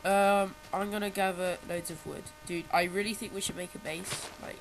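A man's voice: sits high, little pitch movement, moderate pace, gravelly, faint music behind, low-quality recording. A man, chatting and teasing his friend during a video game, slightly stuffy from a cold. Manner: joking, teasing, rambling. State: has a cold. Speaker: gameplay co-host. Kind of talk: casual gameplay chat.

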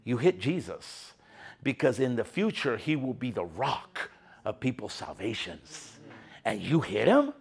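Man playing God: stern, reproachful, voice dropped low and slow. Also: big pitch swings, gravelly, husky, heavily acted. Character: stern, wounded male God scolding a leader.

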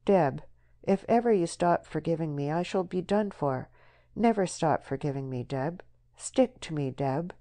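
A woman's voice: sits low, lively intonation, unhurried, mellow. A woman voicing an impulsive, moody young man who speaks with dramatic intensity. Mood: pleading. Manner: impassioned, dramatic.

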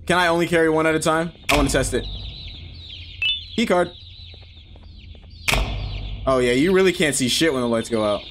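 Guy playing a game and losing it, swearing a lot, high bright voice that jumps all over. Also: normal speed, pauses often, a little hiss or hum. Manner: animated, swears, yells at the game. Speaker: gaming video host. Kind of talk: let's play commentary.

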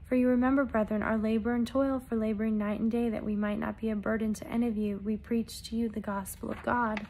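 A woman's voice: on the high side, little pitch movement, fast talker, darkish tone, a little hiss or hum. A woman relaying prophetic messages and reading scripture verses, speaking in solemn, earnest first-person proclamations in short phrases. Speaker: self-styled prophetic messenger.

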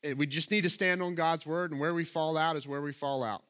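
Southern preacher, high bright voice, chatty and self-deprecating, builds to emphatic scripture reading. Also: male voice, steady tone, fairly quick. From Alabama, US. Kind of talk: sermon. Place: church sanctuary.

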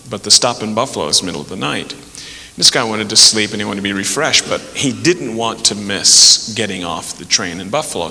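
A man spins folksy jokes at an easy pace, his low voice ringing very bright. He drops into quick voices for the people in his stories. The sound carries the long tail of a large hall. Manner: folksy, unhurried joke telling with playful character voices. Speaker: storyteller. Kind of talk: telling jokes to an audience.

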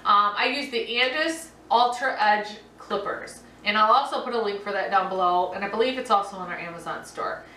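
A middle-aged woman chats casually to her viewers from a room at home, with a bright voice and plenty of light laughs and ums. She sits a little back from the microphone. The room adds a clear echo, and a faint hum runs underneath. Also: medium pitch, fairly quick, few pauses, distant mic. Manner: chatty, laughs often, many ums. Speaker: vlogger answering viewer questions. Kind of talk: casual chat. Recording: roomy echo, voice a bit off-mic.

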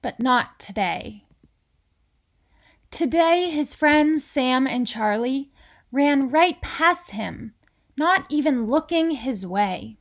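A woman reading a children's picture book aloud in a gentle, deliberate storytelling manner. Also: high voice, lively intonation. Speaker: reader.

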